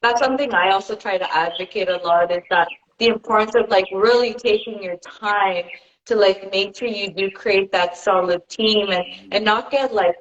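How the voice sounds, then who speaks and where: A woman's voice: mid-range voice, normal speed. A woman hosting a podcast asks her guests questions in a chatty, encouraging way. Her voice sounds roomy, as if recorded in an open space. The audio is dull and lo-fi. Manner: encouraging, chatty, many "like" fillers. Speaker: podcast host. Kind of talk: casual podcast interview.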